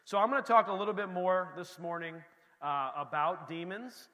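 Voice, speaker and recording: A man preaching a sermon in a church, swinging between loud emphasis and soft, quiet passages. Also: sits high, normal speed, in a large hall. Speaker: pastor.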